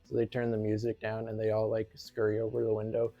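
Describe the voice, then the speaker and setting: Laughing, rambling man with a mellow voice. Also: on the low side, completely flat delivery, fast, dry recording, muffled recording, faint music behind. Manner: giggly, rambling, says "like" a lot. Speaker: movie reviewer. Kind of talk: casual movie recap.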